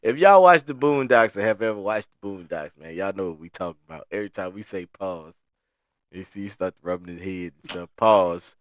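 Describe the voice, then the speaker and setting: A man's voice: low-pitched, expressive, a little fast, dry recording, dull audio. A man co-hosting a podcast, talking in a loose storytelling way full of slang. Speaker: podcast co-host. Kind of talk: casual podcast chat.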